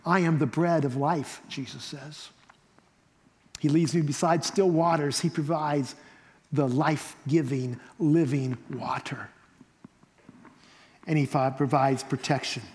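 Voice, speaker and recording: A man with a fairly high voice preaches a sermon that carries a long reverb through what sounds like a church hall. He swings from loud emphasis down to near whispers. The delivery is dynamic and earnest. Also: steady tone, a little slow, long pauses.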